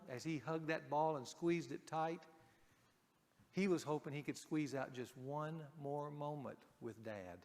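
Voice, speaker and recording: A man preaching a sermon to a men's group, speaking emphatically and dropping to a hush on key points. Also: on the high side, in a large hall.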